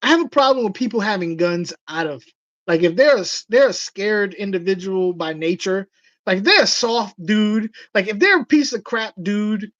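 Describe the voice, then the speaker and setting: A woman hosting a casual livestream chat, telling stories with animated delivery and acting out the voices of people she quotes. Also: medium pitch, moderate pace, dry recording, dull audio. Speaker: livestream host.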